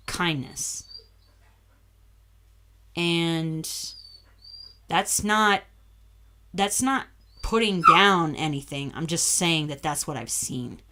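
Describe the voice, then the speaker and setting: A woman talks into a desk microphone at home, hosting a laid-back livestream in an unhurried, drawn-out way. Her voice is bright and clear, and she comes across as candid and chatty. She keeps breaking off to talk to her dog. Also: lowish voice. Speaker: livestream host. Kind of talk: casual livestream chat. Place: at home indoors.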